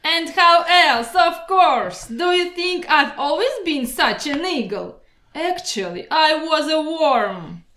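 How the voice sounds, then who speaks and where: A woman voicing a boastful, proud male mosquito who pitches himself like a salesman, grandiose and persuasive. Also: animated, slow, bright, forceful tone, exaggerated voice. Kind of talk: storybook voice acting. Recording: roomy echo.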